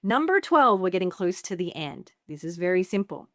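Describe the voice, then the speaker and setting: A woman's voice: on the low side, lively intonation, brisk, hardly any pauses, a bit bright, dry recording. A middle-aged woman therapist giving a playful educational talk to camera, slipping into sassy voices for the replies she suggests. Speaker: anxiety therapist.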